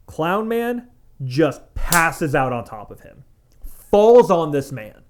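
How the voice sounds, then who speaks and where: Young adult man, tattoo podcast co-host, fairly high voice, casual storytelling, swearing, lively. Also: slow pace, a little hiss or hum. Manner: animated, laughing, swearing, lots of "like".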